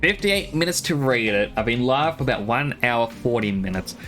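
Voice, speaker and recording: A man's voice: mid-range voice, animated, moderate pace, fairly bright tone, soft background music. Man rambling on a live stream, dry-throated. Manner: rambling, chatty, laughs often. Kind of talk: casual live-stream chat.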